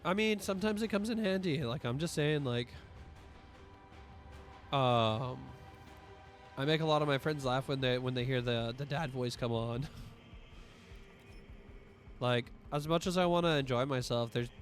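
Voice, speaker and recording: A man chatting casually on his stream, spinning long, rambling stories full of swearing. His voice sounds a little worn from allergies, and soft music plays faintly behind him. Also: mid-range voice, a little slow, long pauses. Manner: rambling, profane storytelling. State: voice strained from allergies.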